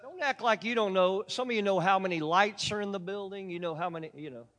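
High-voiced preacher in a reverberant church. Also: male voice, quick pace, fairly bright tone. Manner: folksy, joking with the congregation. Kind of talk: sermon with storytelling. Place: church sanctuary.

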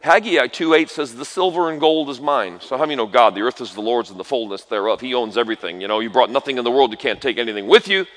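A man with a drawl preaches in a large church hall, his bright, ringing voice swooping from hushed asides to shouted exhortations. He jokes, calls out to the congregation and waits on their answers, and a long reverb trails each phrase. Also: medium pitch, quick pace, few pauses. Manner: animated, swings from quiet asides to shouted exhortations; folksy, jokey asides and call-and-response with the congregation. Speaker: guest preacher. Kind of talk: sermon.

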